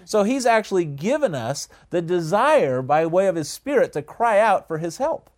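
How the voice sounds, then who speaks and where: A man teaching a Bible study in a conversational way, often asking the listeners questions and pausing on "uh". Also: high-pitched, sing-song. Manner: conversational, asks the audience questions, frequent uh fillers.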